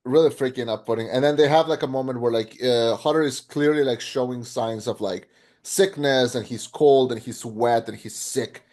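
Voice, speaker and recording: A man co-hosting a casual film podcast, his voice sitting at an everyday middle pitch. He talks in animated, rambling bursts, circling back and restarting his thoughts as he goes. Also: normal speed. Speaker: podcast co-host. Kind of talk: casual film review chat.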